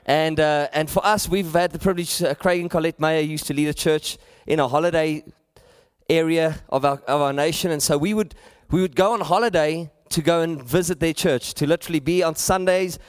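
A man's voice: a little high, fairly even intonation, fairly quick, clean tone, dry recording, studio quality. A middle-aged man with a South African accent, preaching a sermon with rising emphasis and repeated phrases. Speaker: pastor.

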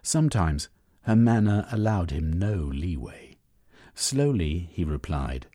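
A man reading a story aloud as narrator, in measured storytelling. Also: low-pitched, expressive, warm tone. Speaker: audiobook narrator. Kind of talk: scripted narration.

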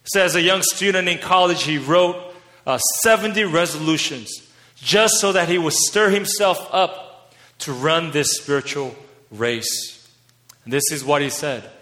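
Guy preaching a fired-up sermon, kinda high voice, big echoey hall sound. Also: a little slow, sharp tone. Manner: fervent, building to emphatic peaks. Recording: long hall reverb.

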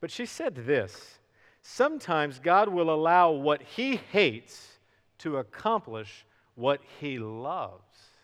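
A middle-aged male pastor preaching a sermon, swinging from hushed to loud and stretching out words for emphasis. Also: a little high, very animated, slow pace. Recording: long hall reverb.

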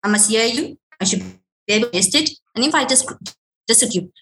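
A woman guest giving workplace advice in a conversational interview, measured and sometimes repeating words as she gathers her thoughts. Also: on the high side, lively intonation, a bit bright. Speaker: workplace and career consultant guest.

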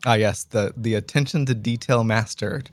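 A man co-hosting a podcast, joking in a dry, deadpan way during casual chat. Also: fairly low pitch, moderate pace, a little hiss or hum.

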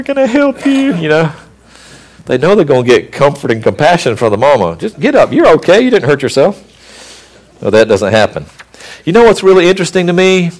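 A middle-aged pastor delivers a sermon in an ordinary mid-range voice. He presses his points by lifting his pitch, and now and then he briefly mimics a child or a mother. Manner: preaching with rising emphasis, mimics children and mothers.

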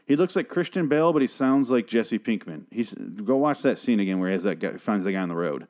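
Male podcast host, low-ish voice, swears freely, rambles and corrects himself mid-recap. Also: darkish tone. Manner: rambling, profane and self-correcting. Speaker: TV show review host. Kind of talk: casual solo recap podcast.

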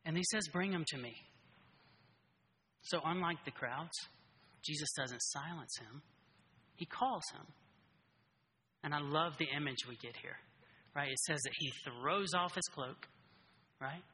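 Bright-voiced preacher in a reverberant hall. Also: male voice, on the high side, unhurried, pauses often. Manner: casual and animated, keeps asking "right?". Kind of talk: conversational sermon.

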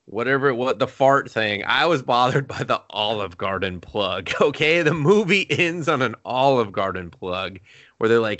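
A man in casual chat about a movie, joking and swearing in quick banter. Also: medium pitch, lively intonation, a bit bright, dry recording. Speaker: podcast co-host.

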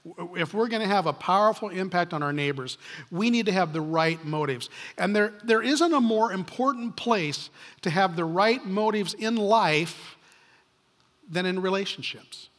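Male pastor, high voice, conversational storytelling sermon, long hall reverb. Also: expressive, normal speed, a bit bright. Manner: storytelling, conversational with frequent restarts. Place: church stage.

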